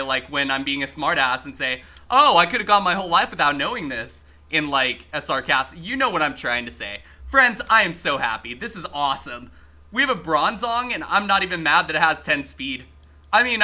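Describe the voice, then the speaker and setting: A man streaming a game live, chatting excitably with his viewers and swearing freely as he plays. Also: a little high. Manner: talks to chat while playing. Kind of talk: casual live-stream gaming commentary.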